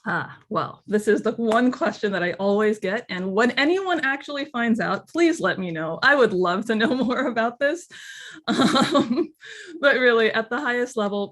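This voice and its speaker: A woman's voice: mid-range voice, brisk, few pauses, fairly bright tone. A woman guest speaker on a webinar, explaining her field casually with sarcastic humor. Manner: sarcastic, laughs easily. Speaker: guest speaker, product leader.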